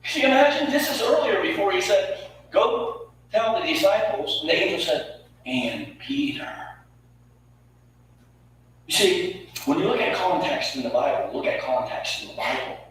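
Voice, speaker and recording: A man preaching a sermon with emphatic delivery, swinging from loud to hushed. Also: sits high, animated, fairly quick, slight background noise. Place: church sanctuary. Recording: echoey church hall from far off.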